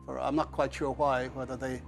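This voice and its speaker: A man's voice: mid-range voice, little pitch movement, fairly quick, creaky, soft background music. A man, a quiz contestant, thinking aloud in a musing way before answering. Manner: musing, thoughtful.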